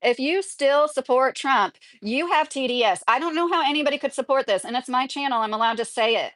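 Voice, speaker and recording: A woman's voice: sits high, animated, brisk, fairly bright tone, no room sound, studio quality. A woman in her thirties from Kentucky, talking at home in a rambling, opinionated livestream chat and reading viewer comments aloud. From Kentucky, USA. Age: 30s. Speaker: vlogger.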